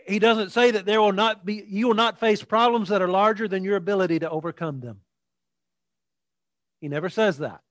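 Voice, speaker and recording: High-voiced emphatic male preacher. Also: no echo, studio quality. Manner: emphatic, slows down for scripture and repeats key phrases; leads the congregation in call-and-response. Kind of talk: sermon with scripture reading.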